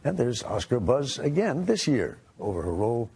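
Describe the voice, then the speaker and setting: A man reading a scripted news introduction as anchor, measured. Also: mid-range voice, very animated, creaky, darkish tone, slightly rough.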